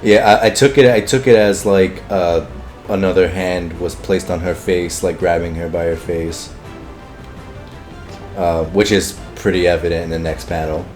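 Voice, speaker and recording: Laid-back low-voiced man chatting. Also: fairly even intonation, moderate pace, a little mellow, soft background music. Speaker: podcast co-host reviewing manga. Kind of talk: casual chat.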